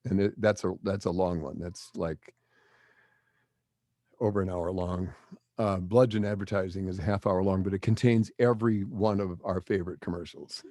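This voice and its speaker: Deep-voiced older man telling stories. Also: normal speed, no room sound, studio quality. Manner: animated storyteller acting out quotes. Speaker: guest, broadcaster. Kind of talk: storytelling interview.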